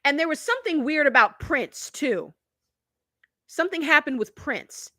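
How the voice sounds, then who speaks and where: A woman's voice: sits high, expressive, moderate pace, bright, forceful tone, no room sound, studio quality. A woman in her fifties hosting a casual live-stream chat, telling stories in a confiding, chatty way and laughing often. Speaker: YouTube channel host.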